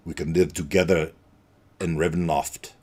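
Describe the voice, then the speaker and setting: A man voicing a cold, menacing male vampire lord who speaks in a slow, formal way. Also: flat delivery, a little mellow. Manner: low, slow, deliberate menace.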